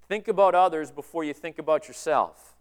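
A man's voice: a little high, brisk, clean tone. A male pastor preaching a sermon in a conversational way, with many rhetorical questions. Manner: conversational, asks rhetorical questions with frequent "right?".

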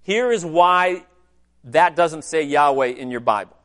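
A man with a somewhat high voice preaches a teaching sermon in a church. He explains things in a relaxed, conversational way and often turns to the congregation with questions and asides. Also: measured pace. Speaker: pastor.

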